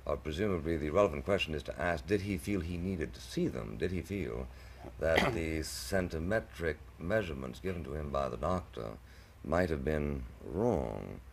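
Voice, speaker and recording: A man with an extremely low, gravelly voice argues in long, elaborate sentences. He stumbles and restarts often, picking his words with care. A faint hiss sits behind him. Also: expressive, moderate pace. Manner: ornate, hesitant, stammering restarts. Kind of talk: televised debate.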